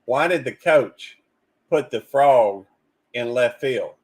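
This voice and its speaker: A man hosting a casual live stream, talking in halting, repeated starts as he greets callers and tells a dad joke. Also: medium pitch, animated, husky, poor audio. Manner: halting, repeats words, cautious. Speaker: stream host.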